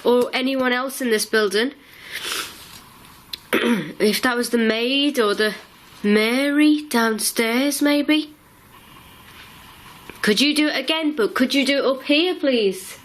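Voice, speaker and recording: A woman paranormal investigator calling out to spirits in an old farmhouse at night, nervous and breathy, recorded on a handheld camera. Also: on the high side, takes it slowly, long pauses. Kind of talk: ghost-hunting calling out.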